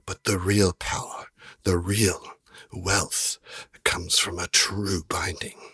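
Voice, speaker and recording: A man voicing a scheming female merchant who talks smoothly and feigns concern. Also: low voice, flat delivery, slow pace, bright, forceful tone, dry recording, full character voice. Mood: confiding.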